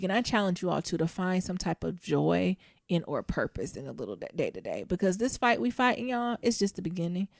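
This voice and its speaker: Candid podcast co-host woman, lively voice. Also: on the low side, vocal fry, no room sound, clean studio sound. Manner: candid, animated, talks to listeners directly. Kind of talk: casual chat.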